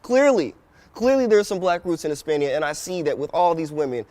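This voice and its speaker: An American man in his thirties hosting a casual travel vlog, telling stories in an animated, profane way. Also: on the high side, fast, background noise. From United States. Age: 30s. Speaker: vlog host.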